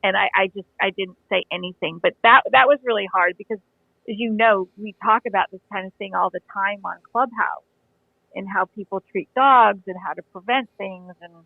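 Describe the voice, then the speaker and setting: A woman's voice: mid-range voice, normal speed, gravelly, no echo. A woman in her forties, an animal communicator, chatting in an interview and telling stories with frequent restarts. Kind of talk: casual interview chat. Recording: tinny dry phone-line audio.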